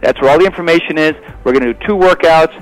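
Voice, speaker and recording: A man, a fitness trainer guesting on a radio show, telling stories with lively enthusiasm, jumping from loud acted quotes to hushed asides. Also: on the high side, quick pace, faint music behind, poor audio. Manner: animated, swings between loud voiced quotes and hushed asides. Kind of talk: enthusiastic storytelling in a radio interview.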